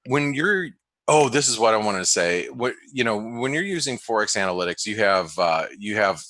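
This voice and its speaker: A man hosting a webinar, giving casual market commentary in a halting way, full of restarts and fillers. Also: lowish voice, expressive, a bit bright, no echo. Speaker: webinar host and market analyst. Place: home office in the desert.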